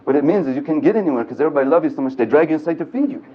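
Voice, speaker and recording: A man giving an animated storytelling lecture to a live audience at a men's gathering, joking and speaking bluntly. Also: a little high, racing. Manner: animated and earthy, mixing jokes and blunt language. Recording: dull lo-fi archive tape.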